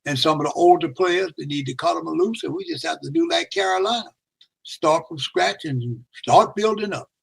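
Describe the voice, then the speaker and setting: A man's voice: fairly high pitch, moderate pace, vocal fry, husky. A man co-hosting a postgame sports show, speaking in a resigned, matter-of-fact way. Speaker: co-host.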